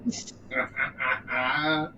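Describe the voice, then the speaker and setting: A man's voice: medium pitch, level tone, extremely slow, sharp tone, far from the mic, muffled recording, slight background noise, full character voice. A man voicing a flustered man who hurries after a friend and calls out in a frantic, scattered way. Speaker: performer in a telepresence rehearsal.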